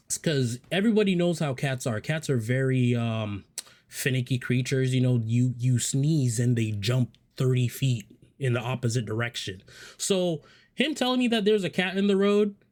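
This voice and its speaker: A man's voice: medium pitch, normal speed. A man casually telling a personal story to viewers, rambling with profane, joking asides. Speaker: storyteller vlogger.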